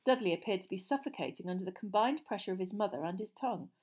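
A woman narrating a storybook audiobook in a steady, clear reading voice. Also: mid-range voice, fast talker.

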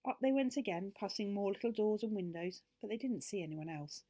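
A woman gently and expressively reading a children's book aloud as a storyteller. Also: mid-range voice, animated, fairly quick.

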